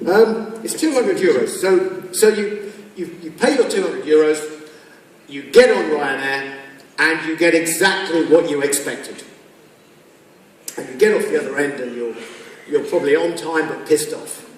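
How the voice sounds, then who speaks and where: A man's voice: on the high side, measured pace, long pauses. A man giving a humorous business talk to a conference audience, acting out little scenes with quoted voices. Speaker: keynote speaker. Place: large conference hall. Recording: echoey hall from far off.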